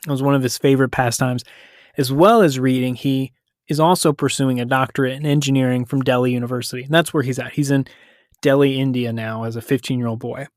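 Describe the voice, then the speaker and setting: Guy on a podcast retelling a plot, chatty and loose, average pitch, very dry sound. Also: fairly even intonation, dry recording. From United States. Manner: conversational, loose, self-correcting retelling with quick paraphrased quotes. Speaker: podcast host retelling a story. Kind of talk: casual storytelling recap.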